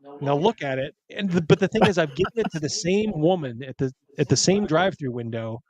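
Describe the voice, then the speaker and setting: A podcast host tells stories in casual chat, rambling through them with heavy use of fillers. His voice is fairly high, animated, brisk, and a little mellow.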